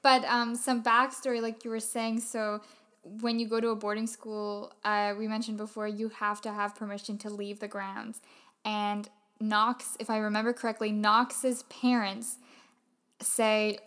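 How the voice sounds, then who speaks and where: A woman's voice: mid-range voice, level tone, unhurried, a bit bright. A woman co-hosting a casual conversation, chatty and explaining things at length. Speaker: co-host discussing a film.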